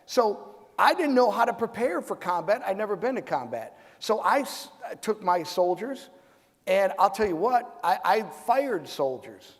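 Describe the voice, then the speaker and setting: A man's voice: high voice, very animated, a little slow. A man in his forties, a decorated veteran on a forum panel, giving a fired-up speech full of rhetorical questions. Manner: fiery, rhetorical questions, loud bursts. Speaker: Medal of Honor recipient panelist. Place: large event hall. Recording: hall reverb.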